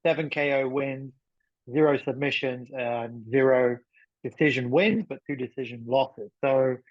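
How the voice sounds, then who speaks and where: A man's voice: mid-range voice, measured pace, no echo. Chatty male podcast host, dull lo-fi sound. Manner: chatty, thinking aloud with many fillers. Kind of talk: casual sports chat.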